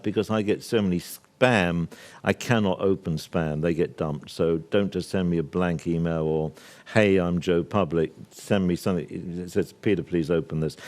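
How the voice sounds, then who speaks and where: An older man from Britain talks to a live audience at a workshop, his voice sitting low. He speaks assertively, filling gaps with ums and wandering into asides before coming back to his point. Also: darkish tone. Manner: discursive, assertive, with many fillers and asides. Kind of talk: public talk to an audience.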